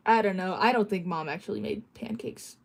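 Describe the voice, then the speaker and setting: This woman streams herself drawing and chats easily with viewers, full of giggles and jokes, with occasional bursts of playful fake yelling. Her medium-pitched voice is gravelly and her pace brisk.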